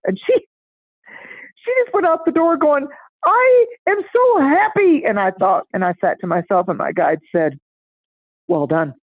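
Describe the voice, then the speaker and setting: A middle-aged woman chatting casually and telling a lively story, acting out the voices of the people in it. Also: medium pitch, dry recording. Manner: animated, acts out voices in anecdotes. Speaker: astrology guest. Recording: tinny phone-like line, dry.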